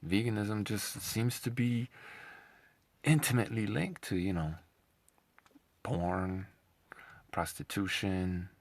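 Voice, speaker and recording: Gravelly, slow-talking sarcastic man. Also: fairly low pitch, steady tone, dry recording. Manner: sarcastic, scornful, mocking; rambling, repeats himself. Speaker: commentary channel host. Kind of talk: opinionated commentary monologue.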